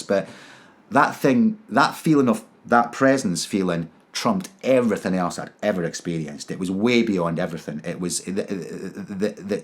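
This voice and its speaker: Earnest, halting man with a lowish voice. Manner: halting, repeating words; earnest, emotional storytelling. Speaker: interviewee. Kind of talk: personal testimony.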